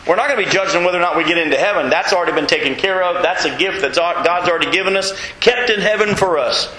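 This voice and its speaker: A male pastor preaches in a fairly high, bright and forceful voice, firing questions at his congregation. He is recorded in an echoey church hall with a faint hum of room ambience. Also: fast. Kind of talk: sermon.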